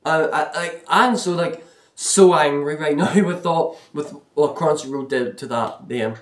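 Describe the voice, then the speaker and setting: A man with a fairly high voice rants to the camera, exasperated and complaining. He rambles, circles back and repeats himself, taking his time over the words. The sound bounces around an echoey room. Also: measured pace. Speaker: vlogger. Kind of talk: casual rant to camera.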